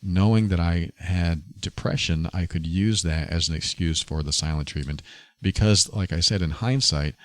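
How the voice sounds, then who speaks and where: Low-voiced man, earnest confessional podcast host. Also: moderate pace, dry recording. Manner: earnest, confessional, speaks from his own experience. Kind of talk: personal reflective monologue.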